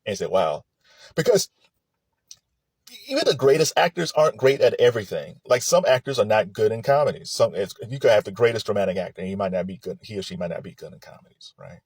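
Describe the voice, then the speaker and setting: A man chats through a casual movie vlog, lively and talkative, often restarting sentences and laughing. His voice is on the low side, breathy at the edges, and he talks fast with no echo.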